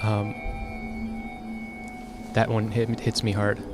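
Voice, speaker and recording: A man's voice: on the low side, monotone, slow pace, music in the background. A young man telling a personal story in a casual, frank monologue, exasperated and swearing freely. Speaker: streamer.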